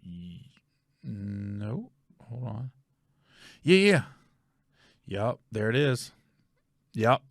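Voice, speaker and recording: A man's voice: on the low side, sing-song, extremely slow, creaky, pauses often, no echo, studio quality. A male podcast host telling a casual, rambling story, often stopping to correct himself and check facts aloud.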